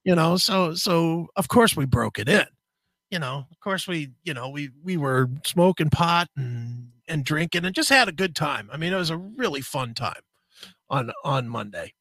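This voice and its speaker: Swearing nonstop, this co-host winds himself up while rambling through a story in relaxed conversation, speaking at normal speed. His voice is bright and forceful, sitting slightly high for a man. The recording is close-miked and dry, free of echo, and he comes across as a profane, animated storyteller.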